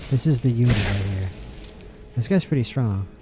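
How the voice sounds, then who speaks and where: Over music, a man streams a casual let's-play, his medium-pitched voice lively in intonation and normal in speed. His commentary rambles playfully, with words repeated in bursts.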